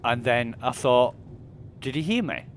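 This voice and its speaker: A man's voice: medium pitch, lively intonation, measured pace, slight background noise. A man streaming a game, venting in a casual, exasperated way and swearing as he retells an argument. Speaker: livestreamer. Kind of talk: casual gaming livestream rant.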